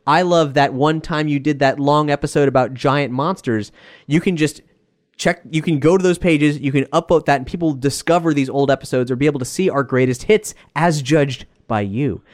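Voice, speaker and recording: A man's voice: a little high, normal speed, no echo, studio quality. A man hosting a podcast in a casual chat, reading out listener comments and plugging the show's links. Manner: chatty, reads out listener reviews and plugs. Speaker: podcast host.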